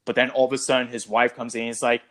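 A man's voice: mid-range voice, level tone, rapid-fire, fairly bright tone. A man co-hosting a casual podcast about a film, talking it through and acting out character lines in a raised voice. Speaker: podcast co-host. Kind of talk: casual movie discussion.

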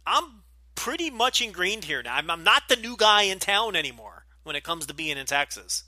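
A man's voice: high-pitched, very animated, moderate pace, sharp tone, no room sound. A man with a light New Jersey accent hosting a casual podcast Q&A, talking bluntly and profanely, full of opinions and asides. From Northeastern US, New Jersey. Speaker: podcast host.

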